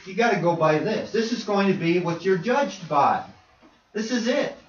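A male preacher delivers an emphatic sermon, dropping to quiet asides and then driving his points home with force. His voice sits a little high and is picked up from afar in a roomy, echoing church. The recording is dull and lo-fi. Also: expressive, moderate pace, slight background noise. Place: church sanctuary. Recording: echoey church room, distant mic, dull lo-fi.

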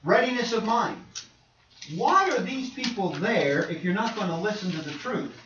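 Animated preacher man in a roomy hall. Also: high-pitched, normal speed. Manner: animated, swings from quiet asides to loud emphatic points. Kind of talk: sermon. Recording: roomy, distant and dull with faint noise.

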